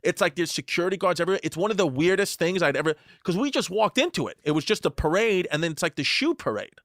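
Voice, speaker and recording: A man co-hosting a podcast, telling crude stories with loud quoted voices. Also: sits high, fast talker, no echo, clean studio sound. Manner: crude, animated storyteller, shouts quoted voices. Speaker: podcast co-host. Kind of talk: casual chat.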